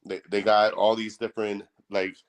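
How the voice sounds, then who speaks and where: A man in a casual online chat, speaking haltingly with many fillers and restarts. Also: on the low side, level tone.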